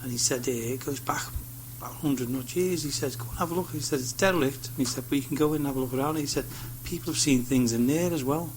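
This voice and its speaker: A man's voice: medium pitch, fast talker, few pauses, slight background noise. A man telling rambling anecdotes on a radio chat show, acting out the voices of people he met. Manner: rambling anecdotes with acted-out quotes. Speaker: studio guest. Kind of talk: casual radio chat, storytelling.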